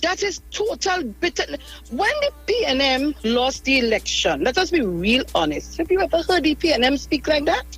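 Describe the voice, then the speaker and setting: An older Trinidadian grandmother calling a radio show by phone from her car, animated and scolding. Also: sits high, normal speed, soft background music, low-quality recording. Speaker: caller. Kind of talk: call-in radio talk.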